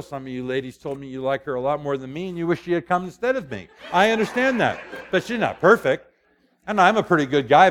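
An older man, a preacher, giving a conversational sermon in a folksy, storytelling way with asides. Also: mid-range voice.

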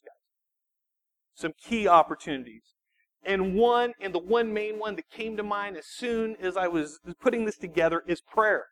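A man, a youth pastor, giving an animated sermon full of personal storytelling and quick restarts. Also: high voice. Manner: animated, self-deprecating storytelling with frequent restarts.

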